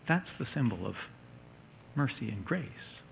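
A man preaching a sermon, explaining scripture verse by verse, lifting his voice for emphasis and then dropping it soft. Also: mid-range voice, very animated, unhurried, creaky, slight background noise.

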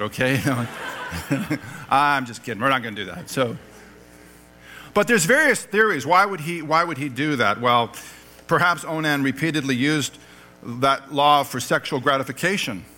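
Bright-voiced joking preacher. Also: male voice, medium pitch, moderate pace, soft background music, poor audio. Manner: animated and joking, laughing at his own lines. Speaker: pastor. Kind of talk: sermon. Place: church.

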